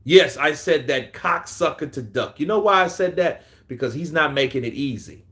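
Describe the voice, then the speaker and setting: A man's voice: on the high side, normal speed. A man hosting a casual boxing livestream, reading chat aloud, swearing freely and laughing often. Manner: profane, animated, laughing often. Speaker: boxing channel host.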